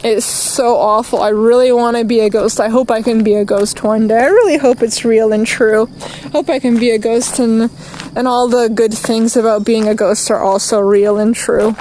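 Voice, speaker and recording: Higher-voiced woman ranting on an irl stream, swears a lot, faint outdoor noise behind. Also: fairly even intonation, warm tone, low-quality recording. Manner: profane, rambling, quick to anger. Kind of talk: rambling IRL stream rant. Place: outdoors, walking past litter and traffic.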